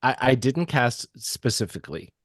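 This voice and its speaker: A man's voice: mid-range voice, very animated, normal speed, no room sound, studio quality. A man co-hosting a casual chat, talking in a hesitant way with many ums and restarts. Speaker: podcast co-host.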